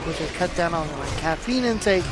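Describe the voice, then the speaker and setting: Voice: medium pitch, lively intonation, fairly quick, heavy background noise. Tired host for casual gameplay commentary, yawning, chatty, restarts often, desk mic at home. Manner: rambling, with frequent restarts and trailing asides. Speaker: channel host.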